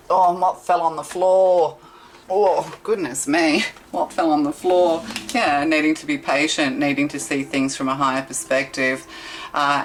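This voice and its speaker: Low-voiced woman giving a chatty tarot reading. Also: fairly bright tone, slight background noise, rough recording. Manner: meandering, chatty, full of fillers and rhetorical questions. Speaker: tarot reader. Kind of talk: casual tarot reading monologue.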